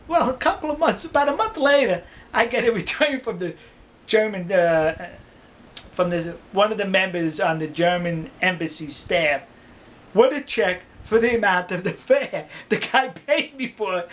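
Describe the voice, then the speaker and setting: An older man telling stories in a casual, animated way, laughing often and acting out dialogue. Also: high voice, normal speed. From New York City. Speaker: storyteller. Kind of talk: casual storytelling.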